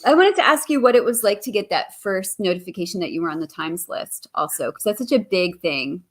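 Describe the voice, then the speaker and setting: A middle-aged woman hosting a casual interview, chatty and enthusiastic and quick to laugh. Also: mid-range voice, lively intonation. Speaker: host.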